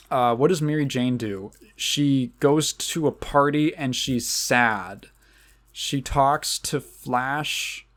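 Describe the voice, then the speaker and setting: A man hosting a podcast, ranting casually about a movie in a rambling, sarcastic way, with frequent restarts and self-corrections. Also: mid-range voice. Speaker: podcast host.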